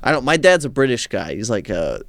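A man's voice: mid-range voice, very animated, brisk, creaky, no room sound. A man talking in a loose, jokey podcast chat, swearing freely and now and then dropping into an impression. The mic is close and dry, with no room sound. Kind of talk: casual chat.

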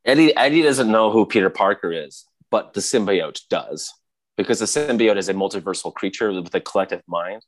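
A man in casual chat, retelling scenes excitedly with frequent laughter. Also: fairly low pitch, fairly quick.

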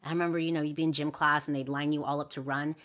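A woman's voice: low-pitched, level tone, very fast, a bit bright. A young adult woman hosting a podcast, talking candidly and earnestly in a reflective monologue full of fillers and restarts. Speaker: podcast host.

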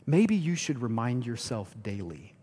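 A male pastor preaching to his congregation in a mid-pitched voice. He pushes some lines out loud and emphatic, then sinks to soft, hushed phrases. The sound rings with a long hall reverb. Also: big pitch swings, measured pace, breathy edge. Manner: swings from loud emphatic to hushed near-whispers. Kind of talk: sermon.

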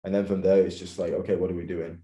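A man in his thirties from England, a professional dancer chatting as a podcast guest, relaxed and quick to laugh. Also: low-pitched. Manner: laughs often, relaxed and easygoing. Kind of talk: casual interview chat. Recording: echoey room.

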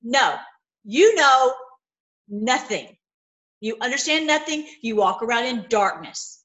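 A woman preacher speaks slowly in an informal, impassioned sermon, swinging from loud outbursts to low murmurs and repeating many words.

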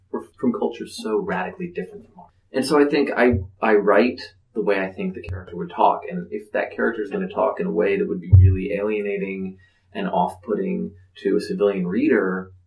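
A male author speaking on a panel, reflective and halting, with frequent fillers and restarts. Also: deep voice, gravelly, echoey room, rough recording. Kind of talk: panel discussion.

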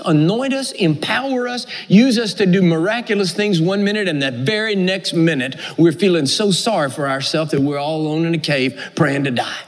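A man preaching a sermon with an emphatic, repetitive cadence. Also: sits high. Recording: echoey hall.

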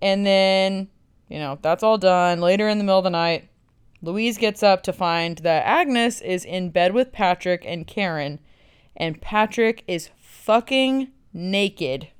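A woman's voice: medium pitch, unhurried, clear, resonant tone. A woman podcast host recapping a film in a blunt, sarcastic way, swearing freely.

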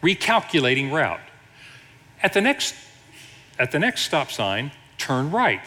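A clipped, commanding navigation voice, a female machine running low on patience, as a man puts her on in a sermon. Pitched up high and bright, it rings out with long church reverb. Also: big pitch swings, unhurried, exaggerated voice. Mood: flat instructing. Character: testy female car navigation voice, impatient.

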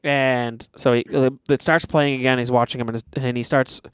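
A man's voice: mid-range voice, a little fast, smooth, no echo. A young man chatting casually, retelling a movie with lots of swearing and acted-out quotes. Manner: animated, swears often, acts out quotes.

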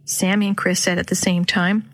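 A woman's voice: fairly low pitch, little pitch movement, normal speed, a bit bright. A woman reading a children's chapter book aloud, giving the characters light voices. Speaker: audiobook narrator.

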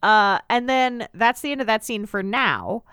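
A woman's voice: on the high side, measured pace, clear, resonant tone, dry recording, clean studio sound. A woman co-hosting a casual podcast, recapping a TV episode and acting out scenes in silly voices. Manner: animated, giggly, acts out scenes in silly voices. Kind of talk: casual chat.

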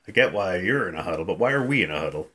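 Very deep-voiced wisecracking woman co-host. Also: lively intonation, rapid-fire, a bit bright. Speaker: podcast co-host. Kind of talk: casual chat.

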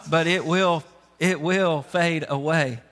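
A man's voice: fairly high pitch, fairly even intonation, slow pace, a bit bright. A man voicing a missionary who bluntly rebukes a comfortable church, with mock asides. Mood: rebuking. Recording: long reverb of a big hall.

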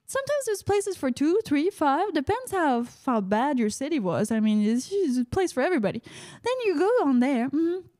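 Chatty female radio host, high-pitched and playful, dry close mic. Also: mellow, no room sound. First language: French. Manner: playful, chatty, sprinkles "uh-huh" affirmations. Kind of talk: casual radio monologue.

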